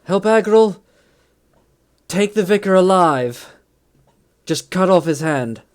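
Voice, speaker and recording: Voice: medium pitch, expressive, normal speed, voice pushed up, lightly acted. A tabletop player voicing a female soldier ally who barks orders. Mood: commanding. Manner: barking orders.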